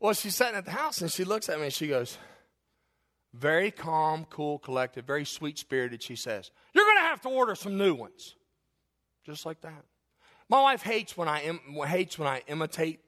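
Male pastor, high bright voice, comic sermon storytelling, chuckles at his own jokes. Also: moderate pace. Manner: laughs often at his own stories, animated.

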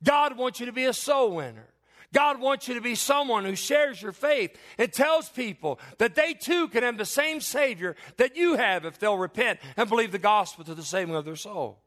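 A man's voice: very high-pitched, lively intonation, moderate pace, fairly bright tone. A man preaching a sermon as pastor, emphatic, repeating phrases and asking the congregation questions. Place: church.

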